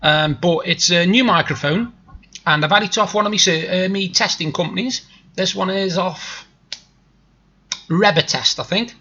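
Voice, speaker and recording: A man with a thick Stoke-on-Trent accent rambles cheerfully to his viewers, self-deprecating and easygoing. His voice is bright and a little husky. The recording sounds slightly dull, like a cheap home microphone. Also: high voice, normal speed. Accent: Stoke-on-Trent (Potteries). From Stoke-on-Trent, England. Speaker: vlogger. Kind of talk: casual chat to camera. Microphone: new desktop microphone.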